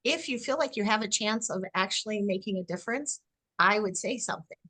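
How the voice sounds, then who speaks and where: Woman guest expert, mid pitch, animated podcast talker. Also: brisk. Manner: animated, acts out example phrases. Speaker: guest expert on workplace culture. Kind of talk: conversational podcast interview.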